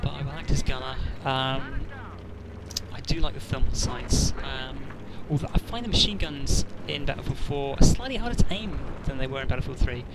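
A man's voice: mid-range voice, normal speed, very noisy. A man giving rambling, sweary, self-mocking commentary over his own gameplay. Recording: loud game gunfire and explosions behind.

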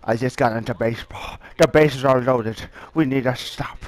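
A young man giving excited commentary over a baseball video game, talking to himself and trash-talking the players. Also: mid-range voice, normal speed, dry recording. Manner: talks to himself, hyping himself up, playful trash talk. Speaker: guest gameplay commentator.

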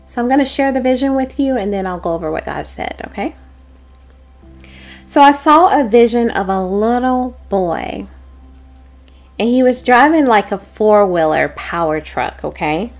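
A woman hosting a devotional prophetic message, speaking earnestly and dropping into soft, whispered prayer. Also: fairly high pitch, lively intonation, moderate pace, soft background music. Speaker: host and prophetic teacher.

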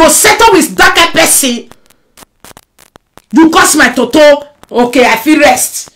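High-voiced Nigerian Pidgin woman ranting. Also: lively intonation, normal speed, very noisy. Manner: emphatic, with constant rhetorical "eh?" asides; swings from loud outbursts to low muttering. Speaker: vlogger addressing a rival. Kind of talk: animated personal monologue.

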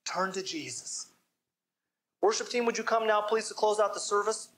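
A man's voice: high voice, moderate pace, a bit bright. A man giving a church sermon as pastor, preaching with emphasis and asking the listeners direct questions. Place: church service.

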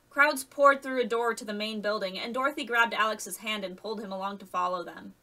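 A woman reading a chapter of a children's fantasy novel aloud, lively, with the characters voiced. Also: mid-range voice, fairly quick, few pauses, recorded from a distance, rough recording. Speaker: audiobook reader. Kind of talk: scripted narration.

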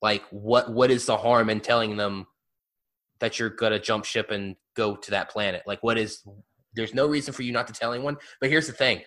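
Podcast host, man, bright edge to the voice, blunt, laughs easily. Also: fairly low pitch, steady tone, normal speed. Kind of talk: casual chat.

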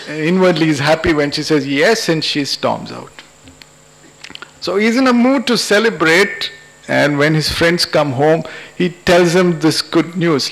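A man's voice: a little high, vocal fry. A man, lecturing and telling an anecdote at a public talk in a convention hall. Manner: unhurried, anecdotal storytelling.

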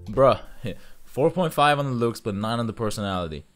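A man hosting a reaction video with blunt, excitable commentary. His pitch swings widely as he jumps between mocking asides and loud cheers. He talks casually and straight at his viewers. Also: fairly quick, soft background music. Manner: animated, blunt, loud outbursts.

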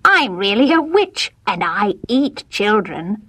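Woman putting on a wicked old witch voice, high and shrill, sly and gloating, kinda husky. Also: big pitch swings, slow, sharp tone, no room sound, exaggerated voice.

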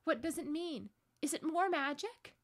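A woman's voice: high voice, very animated, fairly quick, pitched above the performer's own voice. A woman playing an anxious older girl. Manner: worried, questioning. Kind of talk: storybook read-aloud.

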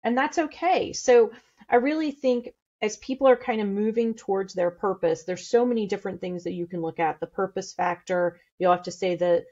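A middle-aged woman from St. Louis, USA, appears as a podcast guest, chatting in casual interview style with rapid, blunt candor. The recording is muffled, and her medium-pitched voice has a dark tone.

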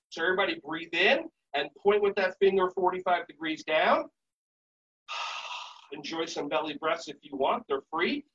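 A high-pitched, slightly husky man leads a live conference warm-up, coaching people through belly breaths and neck stretches with jokes along the way. He sounds a little distant from the mic, and the audio is dull, as if captured in a session room. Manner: upbeat, jokey, coaching the audience through breaths. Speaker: movement and relaxation instructor. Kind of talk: leading a live group warm-up.

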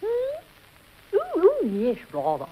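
A woman's voice: extremely high pitch, huge pitch swings, very slow, lo-fi sound, full character voice. An actress playing a gushing, effusive society lady in a 1940s radio comedy. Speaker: gushing radio-panel guest.

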